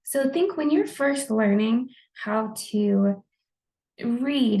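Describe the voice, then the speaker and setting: A young adult woman presenting a class discussion post, explaining the basics of language in a friendly, steady way. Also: on the high side, rough recording. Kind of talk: informal lesson on the basics of language.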